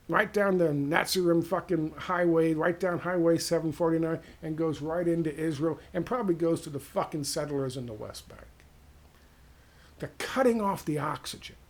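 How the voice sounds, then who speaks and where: A man with an American accent giving a heated, profane political monologue, firing off rhetorical questions and dropping to hushed tones. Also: fairly high pitch, husky. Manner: ranting, drops to hushed tones. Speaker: political commentator.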